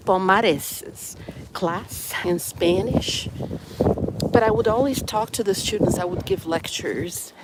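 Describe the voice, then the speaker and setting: Brazilian-born woman vlogging on her phone outside, chatty and playful, cars and wind clearly in the background. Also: lowish voice. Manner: chatty, playful, explains with examples. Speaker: vlogger and English educator. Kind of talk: casual vlog talk to camera. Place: outdoors in the snow, on a street with traffic. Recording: outdoor phone recording with clear street noise. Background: passing vehicles and wind.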